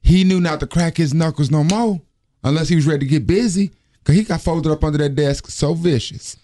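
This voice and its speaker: A man's voice: fairly high pitch, fairly quick, warm tone. Joking radio host man. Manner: loose and joking, breaks into sing-song lines. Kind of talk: casual morning radio banter. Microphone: studio microphone.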